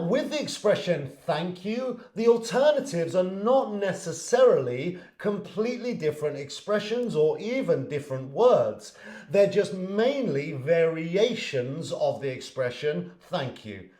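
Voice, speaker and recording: A man's voice: sits high, sing-song, unhurried, darkish tone. A man giving a lesson, explaining words and acting out example sentences. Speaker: English teacher. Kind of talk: online language lesson. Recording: echoey room.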